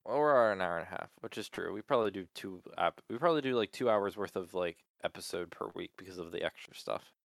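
Talking fast with lively intonation, a young man with a low, gravelly voice co-hosts a podcast. The casual chat rambles, packed with fillers and restarts, in studio quality with no echo.

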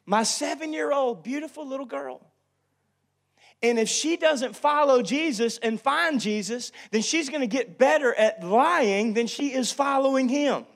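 A pastor in his thirties preaching a sermon, acting out family quarrels and swinging from loud to hushed. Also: extremely high pitch.

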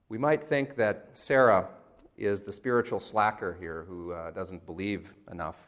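A man's voice: lowish voice, normal speed. A male pastor giving a conversational, wry sermon and acting out quotes.

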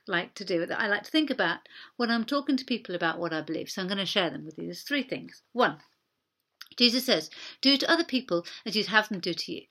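A woman preaching a sermon in a gentle, conversational way, often dropping her voice almost to a whisper. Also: mid-range voice.

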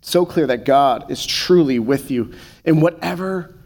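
Preaching man, soft deliberate pauses. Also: on the high side. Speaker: pastor. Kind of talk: sermon.

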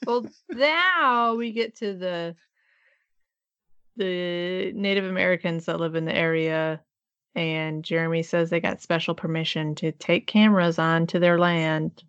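A woman's voice: lowish voice, a little slow, a bit bright, clear, resonant tone, dry recording, highs cut off. A woman co-hosting a podcast over a remote call, chatting casually about a documentary and giggling often. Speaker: podcast co-host. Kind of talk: casual chat reviewing a documentary.

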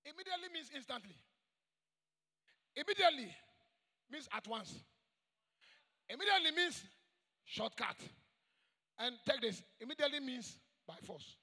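A man preaching a sermon to a church congregation, emphatic and call-and-response, with shouted high points. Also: very animated, normal speed, long pauses. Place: large church hall. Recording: long echoing church reverb.

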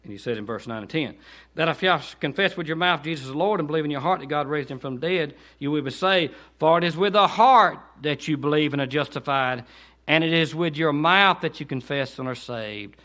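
In a church sanctuary, a man with a Southern accent preaches a guest Baptist sermon, animated and a little fast. He swings from quiet, conversational asides up to loud, shouted, pleading exhortation.

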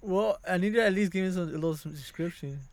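A man with a slightly raised pitch who keeps interjecting short, profane reactions. He laughs often and keeps the casual back-and-forth going. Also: fast. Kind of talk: casual chat.

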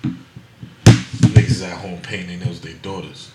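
A man's voice: deep voice, measured pace, roomy sound, very noisy. A man hosting a podcast, telling rowdy stories in casual chat, acting out quotes and laughing often. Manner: loud animated storytelling, acts out quotes, laughs often. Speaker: podcast host.

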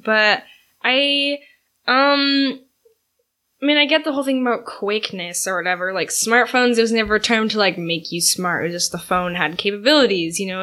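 Bright-voiced young woman, chatty and giggly. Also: mid-range voice. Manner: chatty, laughs often, lots of fillers. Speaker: podcast co-host. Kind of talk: casual chat.

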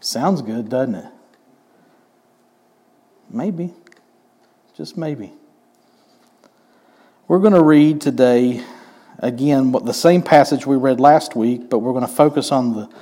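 A man's voice: medium pitch, a little slow, pauses often, dark tone. Conversational man preaching a sermon. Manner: conversational, wry, asks the congregation questions. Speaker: pastor.

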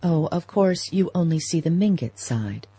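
A woman reading the part of a proper older society mother who is gentle, fretful and quietly insistent, in an audiobook. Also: lowish voice, expressive, normal speed, slightly rough, no echo, rough recording. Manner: mild, coaxing, quietly insistent.

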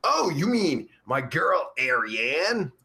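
In an improvised live-chat comedy rant, a live-stream host plays a crude, boastful adult male pimp, vulgar, rambling and sleazy, swinging his pitch up and down. His full character voice is slow, creaky, bright and forceful, and he has a sore throat.

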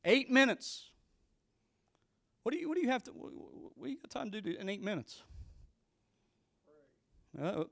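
Middle-aged pastor guy preaching hard, kinda high voice, dry close sound. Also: dry recording. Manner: emphatic, repeating exhortations. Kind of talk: storytelling sermon.

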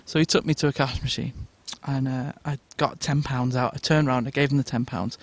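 A man on a podcast telling a long, funny story in a casual, animated way and laughing as he goes. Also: medium pitch, brisk, dry recording. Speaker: podcast co-host.

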